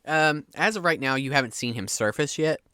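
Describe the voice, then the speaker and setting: Bright, lively-voiced man as game master. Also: a little high, a little fast, clear, resonant tone, dry recording, clean studio sound. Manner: casual, swearing, chuckling. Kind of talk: narrating a tabletop game.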